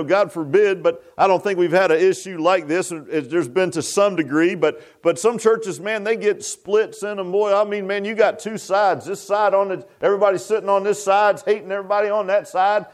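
A pastor preaches in a loose, folksy way, circling back with restarts and asides. His voice sits high for a man. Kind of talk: sermon.

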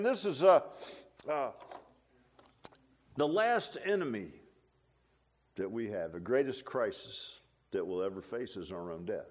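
An older man preaching a folksy, animated sermon, full of restarts and asides like "huh?". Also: a little high.

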